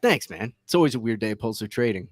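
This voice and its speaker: Rambling, self-mocking trading show host. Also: male voice, on the low side, expressive, fast talker, no room sound. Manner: rambling, joking at himself, laughs often. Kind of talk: casual livestream chat. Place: office.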